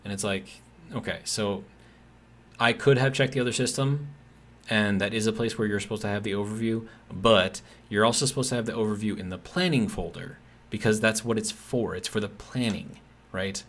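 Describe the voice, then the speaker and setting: Low-voiced man ranting casually. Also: steady tone, moderate pace. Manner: rambling, exasperated storytelling with many fillers. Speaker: gaming streamer. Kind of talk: casual ranting chat while gaming.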